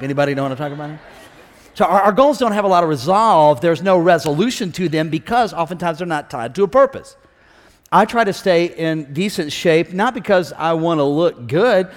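Energetic pastor preaching in a reverberant church. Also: male voice, fairly high pitch. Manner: energetic, joking, calls out to the congregation. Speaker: senior pastor. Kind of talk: sermon with jokes. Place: large church auditorium. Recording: long reverb of a large hall.

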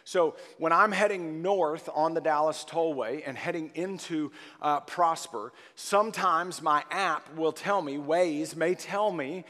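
A man preaching a sermon, his voice pitched fairly high for a man. He builds emphasis on key words and calls out for the congregation to answer. The sound carries a long reverberant tail from the church hall. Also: measured pace, few pauses, pushed and bright. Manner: emphatic, rises and presses on key words, call-and-response with the congregation. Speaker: pastor.

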